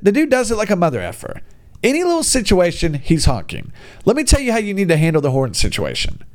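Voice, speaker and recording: Guy ranting in a vlog, kinda high voice that jumps around a lot, exasperated, swaps swears for softer words. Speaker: vlogger giving e-bike riding tips.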